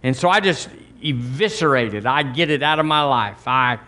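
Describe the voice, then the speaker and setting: A middle-aged man preaching a sermon as pastor, folksy and conversational with quick asides. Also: medium pitch, lively intonation, pushed and bright.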